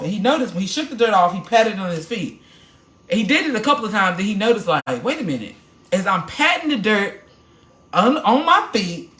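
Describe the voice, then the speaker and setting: Woman, podcast host, live-stream testimony, animated and preachy, roomy echo. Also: mid-range voice. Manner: animated, preachy, talks straight to viewers.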